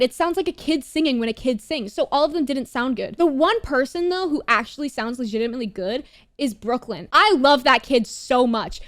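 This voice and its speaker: Woman, high voice, dry close sound, casual rant, swears a lot, animated asides. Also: dry recording. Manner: blunt, swears often, says "bro" and "like"; animated, jumps into loud asides. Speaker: YouTuber reviewing a TV show. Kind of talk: casual commentary.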